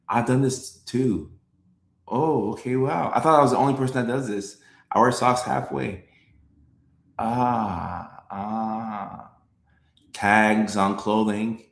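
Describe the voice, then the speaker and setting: A man's voice: mid-range voice, echoey room. A young man, a comedian, chatting casually on a live stream, reading comments and repeating his lines with a laid-back chuckle.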